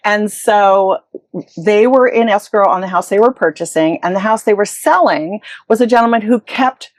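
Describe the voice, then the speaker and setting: Animated woman telling stories. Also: mid-range voice, normal speed, no room sound. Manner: animated, acts out quoted dialogue. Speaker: real estate agent. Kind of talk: interview storytelling.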